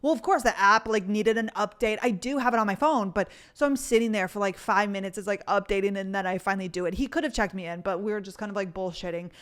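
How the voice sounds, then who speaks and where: A woman's voice: medium pitch, fast talker, hardly any pauses, a bit bright. A woman in her twenties hosting a podcast, chatting through rambling stories and saying "like" constantly. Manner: chatty storytelling, heavy use of "like". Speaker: podcast host. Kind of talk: casual chat.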